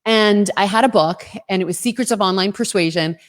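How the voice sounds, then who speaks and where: A woman's voice: mid-range voice, fairly quick. A woman hosting a livestream interview in an enthusiastic manner, repeating her phrases, heard over a video call. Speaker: host.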